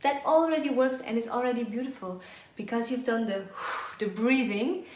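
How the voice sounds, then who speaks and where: Brisk and energetic, a woman with a fairly high-pitched voice teaches a live online belly dance session, singing and counting rhythms as she dances. She moves closer to and farther from the mic, and the echoey room carries faint music.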